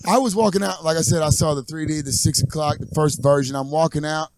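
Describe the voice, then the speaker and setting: A man hosting a podcast, telling stories in casual chat and acting out quotes loudly. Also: a little high, fast, crowd noise. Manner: animated storyteller, acts out quotes. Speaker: podcast host.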